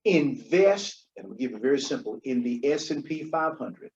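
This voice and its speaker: A man's voice: mid-range voice, sing-song, a little fast, a little mellow. A man co-hosting a podcast, giving emphatic financial advice in a conversational way and often checking in with "Okay?". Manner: emphatic, repeats key points, asks "Okay?". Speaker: podcast co-host. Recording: dull lo-fi recording.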